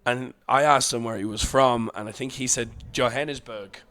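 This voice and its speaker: A man's voice: mid-range voice, fairly even intonation, moderate pace, bright, forceful tone. Laughing, swearing Irish man. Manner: laughing storyteller, swears a lot. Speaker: podcast co-host. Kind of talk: casual chat.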